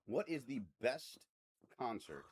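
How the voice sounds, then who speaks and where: A man co-hosting a podcast, asking questions and chiming in with quick, agreeable replies. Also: mid-range voice, very animated, slight background noise. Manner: quick, agreeable back-and-forth. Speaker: podcast co-host. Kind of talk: casual chat.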